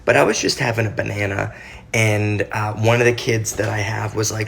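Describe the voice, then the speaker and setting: A man in his thirties, a comedian and parent, rants his way through profane comic stories about his kids, swearing heavily and acting out their voices. His voice is fairly low and creaky with a fairly bright tone, fairly even intonation, and a moderate pace. A little hiss or hum sits under the recording.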